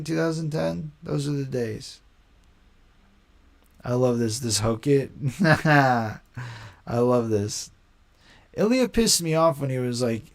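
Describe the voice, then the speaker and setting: A young man hosting a casual live stream, talking in a slangy, rambling way and quick to mock. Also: medium pitch, darkish tone. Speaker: livestream host.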